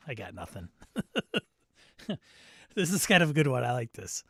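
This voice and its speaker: A man's voice: mid-range voice, very animated, normal speed, pauses often, no echo, studio quality. Joking Midwestern man hosting a stream. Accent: Midwestern American. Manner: joking, rambling, talks back to chat. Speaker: host. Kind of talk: casual livestream chat.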